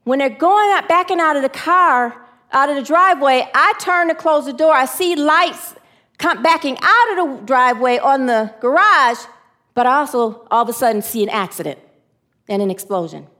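A woman giving a personal testimony sermon, emotional, swinging from excited high lines to hushed low ones, and preaching to her listeners. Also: moderate pace. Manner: preachy, asks audience to answer. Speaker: spiritual speaker.

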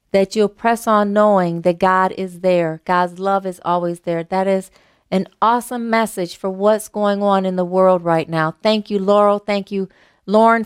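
A woman's voice: medium pitch, clear, resonant tone, dry recording, clean studio sound. A woman pastor giving a sermon, speaking earnestly and sometimes repeating words as she searches for them.

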